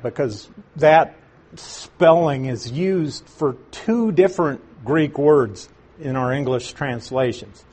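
Slow, husky-voiced male Bible teacher. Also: mid-range voice, expressive, a little mellow. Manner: measured, stresses key words slowly; asks the audience questions.

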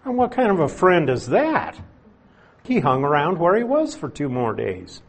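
A man's voice: a little high, huge pitch swings, normal speed, gravelly, slightly rough. A man preaching an expository sermon, explaining verses plainly with conversational asides.

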